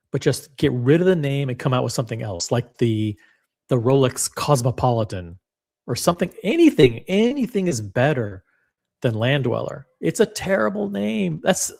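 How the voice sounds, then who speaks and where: A man hosting a casual livestream, chatty and blunt, reading viewer comments aloud with quick restarts and self-deprecating asides. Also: a little high, vocal fry, darkish tone. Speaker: livestream host reacting to watch predictions.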